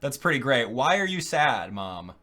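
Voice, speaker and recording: A man hosting a casual video game reaction, joking and laughing often, with quick rambling asides and quieter mumbling while he browses. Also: big pitch swings. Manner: drops to low mumbling while clicking around. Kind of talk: casual live reaction commentary.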